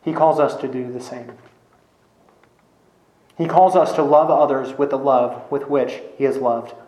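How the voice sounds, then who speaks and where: A man's voice: medium pitch, steady tone, measured pace, mellow. A man preaching a sermon in an earnest, emphatic way, driving points home with repetition. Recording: echoey room.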